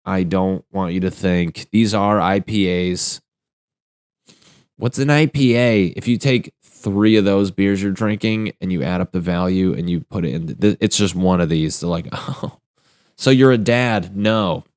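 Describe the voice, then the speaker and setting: Deep voiced young guy doing a crude solo comedy rant, laughs at his own jokes, super dry sound. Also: steady tone, moderate pace, few pauses, a little mellow, clear, resonant tone, dry recording. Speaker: podcast host.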